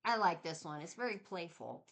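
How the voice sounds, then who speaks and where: A woman co-hosting a board game review, speaking casually with lots of pauses and self-corrections. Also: lowish voice, big pitch swings, fairly bright tone.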